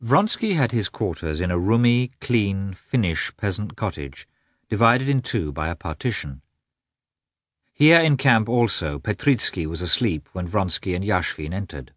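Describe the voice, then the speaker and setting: A man with a low voice reading a classic novel as an audiobook. His delivery is expressive and measured, rising and falling widely. The sound is dry and close. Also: dry recording. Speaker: narrator.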